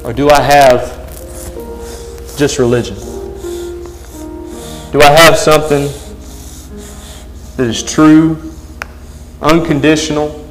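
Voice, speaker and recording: A man's voice: fairly high pitch, fairly even intonation, takes it slowly, pauses often, rough recording. Earnest male preacher, faint music behind. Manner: earnest, asks the congregation questions. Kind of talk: sermon.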